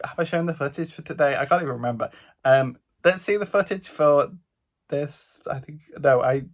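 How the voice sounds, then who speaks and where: A man from England with a British accent, recapping his solo trip in a chatty, animated vlog with a slightly stuffy nose. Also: on the high side. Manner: chatty, animated storytelling with lots of "like". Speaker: vlogger. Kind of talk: casual travel vlog recap.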